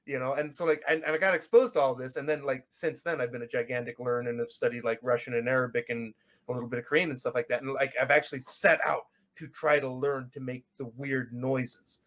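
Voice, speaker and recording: A man's voice: mid-range voice, fairly even intonation, fast talker, a bit bright. A man from the United States who grew up bilingual, chatting casually on a podcast panel and explaining with examples. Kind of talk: casual chat.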